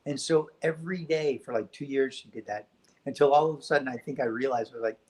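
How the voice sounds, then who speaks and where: A man talks in a soft, gentle way, taking his time over each thought. He sounds reflective and sincere, a guest in a quiet spiritual conversation, with a voice of ordinary male pitch. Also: quick pace, rough recording. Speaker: podcast guest.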